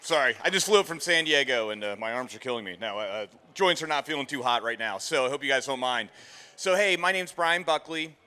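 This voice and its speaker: Bright, clear-voiced man telling his story. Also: medium pitch, animated, brisk. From outside Philadelphia, USA. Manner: casual storytelling, quotes others in dialogue. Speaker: featured speaker, veteran. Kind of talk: personal story talk to an audience. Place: expo hall stage.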